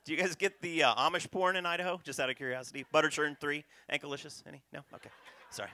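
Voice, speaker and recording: A man performing a stand-up comedy set on a club stage, talking punchily and working the crowd loudly. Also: fairly high pitch, fairly even intonation, fast. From North Carolina, USA. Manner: punchy, loud crowd work.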